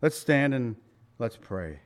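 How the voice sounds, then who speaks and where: A man's voice: mid-range voice, sing-song, takes it slowly. A middle-aged man preaching a sermon, folksy and conversational, with joking asides and chuckles. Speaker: pastor.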